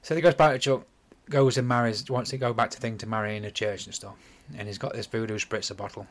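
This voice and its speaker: Rambling man, low voice. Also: steady tone, fast, a little hiss or hum. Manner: rambling retelling, apologizes often. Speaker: podcast host. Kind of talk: casual chat.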